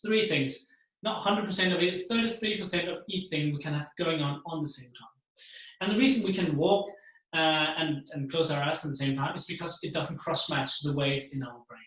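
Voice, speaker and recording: Brief: male keynote speaker, animated, slightly high voice, very echoey room. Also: a little fast. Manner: animated, acts out the voices he describes. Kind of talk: seminar talk to an audience.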